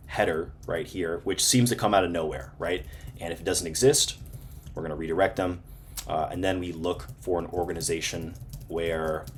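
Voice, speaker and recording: A man's voice: low voice, a little hiss or hum. A man hosting a programming tutorial, casually talking through code on screen and often checking in with "right?". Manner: casual, fillers and repeated "right?" tags. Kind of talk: screen-share coding walkthrough.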